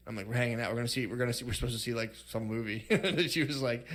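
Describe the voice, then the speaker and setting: Podcast dude in his 30s, talks quick, rambling raunchy stories, laughs a lot. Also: mid-range voice, steady tone, a bit bright. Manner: rambling, laughs often, acts out quotes. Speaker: podcast co-host. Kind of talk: crude casual storytelling.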